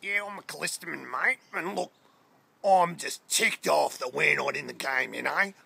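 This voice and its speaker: A man's voice: a little high, normal speed, gravelly, sharp tone, breathy edge, heavily acted. A man voicing a boastful, ticked-off bottlebrush shrub with an Australian accent. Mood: indignant. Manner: indignant, boastful.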